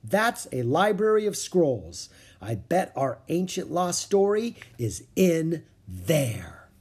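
A man's voice: fairly high pitch, sing-song, slow pace, a little mellow, slightly rough, pitched above the performer's own voice, full character voice. A man voicing an anxious, bookish young boy in a storybook reading, his voice pushed up and nervous. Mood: thoughtful. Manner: nervous, raised, stammering when scared.

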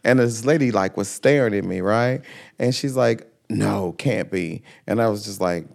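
A man guesting on a podcast, telling lively stories and acting out the other people in them. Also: lowish voice, moderate pace, vocal fry. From Missouri. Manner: animated storyteller, acts out voices in his anecdotes. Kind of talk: casual podcast interview.

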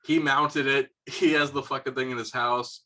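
A young man co-hosting a podcast, casually telling hunting stories, swearing freely and getting animated when he quotes people. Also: medium pitch, normal speed. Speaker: podcast co-host. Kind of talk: casual storytelling chat.

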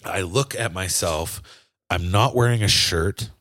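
A man's voice: deep voice, unhurried, a bit bright, dry recording. A young man co-hosting a casual podcast, telling a long rambling story full of swearing. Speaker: podcast co-host.

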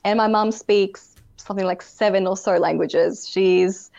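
Over a muffled video-call recording, a young pageant contestant is interviewed casually as a guest. Her medium-pitched voice is steady, unhurried, gravelly, and a little mellow, yet she comes across bubbly, giggling often and saying "like" constantly.

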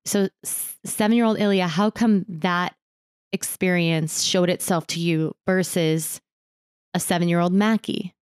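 Smooth low-voiced woman host. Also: fairly even intonation, measured pace, no echo, clean studio sound. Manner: rambling, restarting questions. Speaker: podcast host. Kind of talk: casual interview questions.

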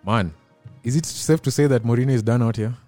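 Mellow-voiced Kenyan podcast host. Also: male voice, mid-range voice, brisk, dry recording, soft background music. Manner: mixes English with Swahili. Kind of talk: casual sports chat.

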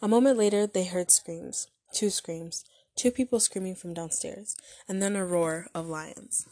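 A woman reading a story aloud as narrator, telling it in a steady, measured way. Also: on the low side.

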